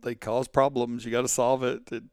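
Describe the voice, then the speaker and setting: A man's voice: mid-range voice, flat delivery, moderate pace, darkish tone, clean tone, no room sound, clean studio sound. A man appearing as a podcast guest, answering in short, agreeable remarks. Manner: brief agreeing replies. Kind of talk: casual chat.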